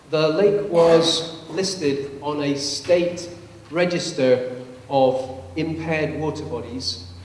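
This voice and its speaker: A man giving a public lecture, explaining in a measured way with touches of dry humor. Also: fairly high pitch, darkish tone. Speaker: guest presenter, scientist. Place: large public meeting hall. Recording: echoey hall from far off, faint hum.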